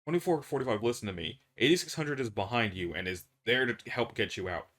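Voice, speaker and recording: A man voicing a calm middle-aged male researcher, speaking in a measured, procedural way. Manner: measured, procedural, low-key.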